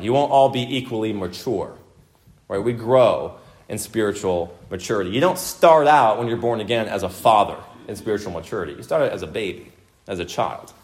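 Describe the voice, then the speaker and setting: A man preaching an expository sermon, stressing his points by repeating them and putting questions to the congregation. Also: on the low side. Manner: emphatic, repeats points for emphasis, asks the room questions. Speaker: pastor.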